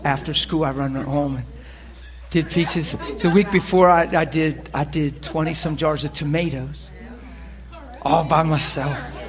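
A pastor telling a story from the pulpit in an animated way, dropping quiet and then laughing and shouting. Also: male voice, a little high, a little slow, crowd noise. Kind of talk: storytelling sermon. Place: church sanctuary pulpit.

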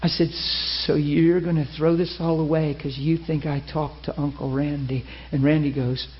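A man preaching a sermon, telling a story with lively acted-out quotes. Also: on the high side, normal speed, hardly any pauses. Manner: animated, acts out quoted voices. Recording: muffled lo-fi sermon recording.

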